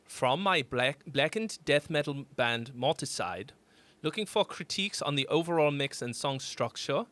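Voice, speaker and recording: A man putting on a gentle German-accented drummer. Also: fairly high pitch, expressive. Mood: earnest. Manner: slow, careful, gentle. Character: polite, soft-spoken German man, a metal drummer.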